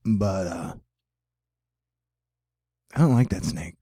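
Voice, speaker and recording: A man's voice: low-pitched, expressive, takes it slowly, mellow, husky, no room sound, studio quality. A middle-aged man from the United States hosting a casual weather video, rambling and joking with lots of fillers. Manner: rambling, jokey, frequent fillers. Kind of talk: rambling casual vlog commentary.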